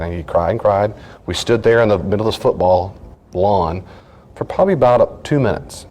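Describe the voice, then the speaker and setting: A man's voice: on the low side, animated, brisk, darkish tone. A middle-aged male pastor giving a conversational teaching talk, telling earnest stories about his family and briefly acting out the lines of others. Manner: earnest storytelling, acts out short quoted lines.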